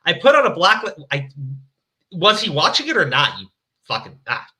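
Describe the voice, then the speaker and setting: A man's voice: high-pitched, sing-song, moderate pace, sharp tone. A man hosting a stream, reading fan fiction aloud with mocking, profane commentary. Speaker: stream host.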